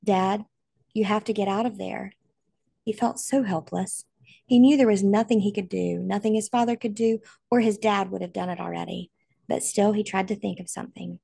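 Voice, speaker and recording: A woman's voice: medium pitch, a little fast, creaky, warm tone, husky, no echo. A woman narrating a novel aloud in an earnest, emotional way. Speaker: audiobook reader.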